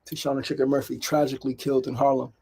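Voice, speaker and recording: A husky, mellow, medium-pitched voice with little pitch movement delivers rapid-fire speech. The speaker is a middle-aged New York City man hosting a motivational daily talk show, emphatic and repetitive, who often asks "right?".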